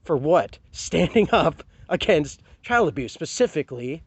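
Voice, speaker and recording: A man's voice: on the high side, big pitch swings, a little slow, slightly rough, dry recording. A man venting in a heated, profane rant to camera, sarcastic and full of rhetorical questions. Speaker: vlogger. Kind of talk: angry personal rant to camera.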